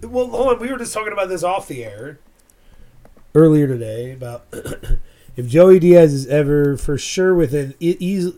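Excitable, foul-mouthed young podcast host. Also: male voice, fairly high pitch, moderate pace. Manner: rambling, profane, excitable storytelling. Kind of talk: casual chat.

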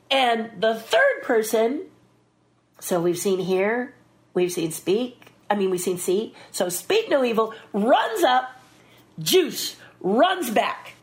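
A middle-aged woman telling an animated story as a guest, jumping into quick voices for the people in it. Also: a little high. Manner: lively storyteller who puts on voices for the people in her story. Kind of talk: animated anecdote.

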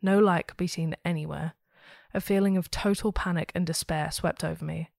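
Woman reading out a spooky story, lowish voice, dry close sound. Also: moderate pace, gravelly, no echo. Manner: steady, expressive storytelling. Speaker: story podcast host. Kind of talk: reading a listener's ghost story aloud.

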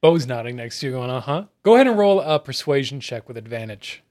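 A man's voice: mid-range voice, expressive, fast talker, a little mellow. A man narrating a tabletop game as game master, in a playful, theatrical way.

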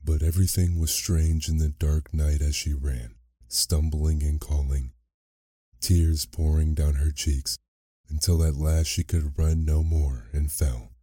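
A man narrating a fairy tale as a sleep story, reading in a slow, soothing, soft way. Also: a bass voice, breathy edge, dry recording, clean studio sound.

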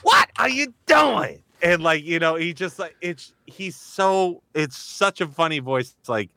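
A man with a slightly high voice rambles through a casual conversation, leaning on filler words and restarting his sentences. The recording is dry and close. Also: measured pace, fairly bright tone, dry recording. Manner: rambling, heavy use of "like", restarts. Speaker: host, voice actor. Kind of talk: casual chat.

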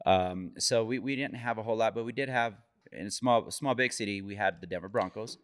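A man's voice: fairly low pitch, brisk, a bit bright. A man from Colorado, co-hosting a casual podcast chat; jokey and enthusiastic, talking in stops and restarts. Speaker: podcast co-host, real estate agent.

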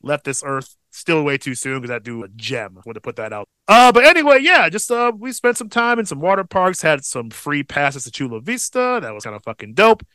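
Barely pausing, a man in his thirties briskly recounts a family story on the podcast he co-hosts, swearing a lot in animated, casual chat. His high-leaning voice is clear and resonant, with no room sound.

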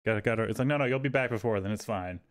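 A man with a lowish voice talks very fast as a podcast co-host, telling a rambling, profane story in casual storytelling chat. He's animated and swears, acting out the people in it by raising his voice for their quotes.

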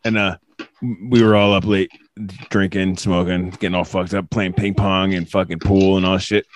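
A man's voice: deep voice, level tone, moderate pace, slight background noise. A man co-hosting a podcast, telling rambling, profane stories in casual chat.

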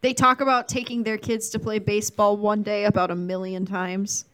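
Podcast co-host, female, mid pitch, teasing and playful, casual banter. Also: level tone, normal speed, a bit bright. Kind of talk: casual movie recap chat.

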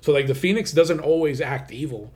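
A man's voice: on the high side, fairly quick, darkish tone. A man co-hosting a countdown list show, talking in an enthusiastic, loose way with lots of casual fillers. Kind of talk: casual chat.

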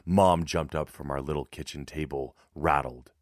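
A man narrating a first-person audiobook in a tense, measured way. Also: a bass voice, fairly even intonation, no room sound, clean studio sound.

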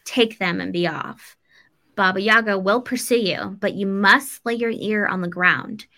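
A woman reading a calm, wise talking cat. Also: medium pitch, a little slow.

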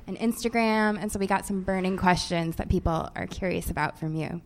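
A calm, soft-spoken woman reading out audience questions on a podcast. She keeps the chat casual and easy. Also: fairly low pitch, fairly quick, faint music behind.

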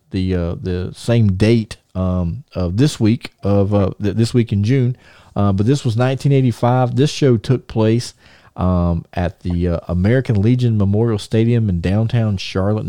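A man hosting a podcast, telling a long story in a rambling, animated way with many restarts. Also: on the low side, no room sound, studio quality. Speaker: podcast host. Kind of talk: casual storytelling and show segment intro.

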